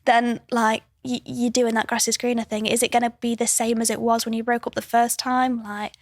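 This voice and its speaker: Woman, twenties, podcast guest, chatty, laughing storyteller, slightly high voice, dry close sound. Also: little pitch movement, a little fast, dry recording. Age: 20s. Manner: chatty, laughs through stories, frequent restarts and likes. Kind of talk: casual chat, storytelling.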